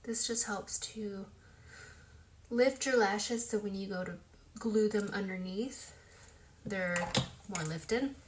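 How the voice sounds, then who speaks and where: A woman talking through a casual makeup tutorial in a loose, chatty way, full of fillers, sometimes dropping to a soft whisper as she works. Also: mid-range voice, slow, long pauses. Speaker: beauty vlogger.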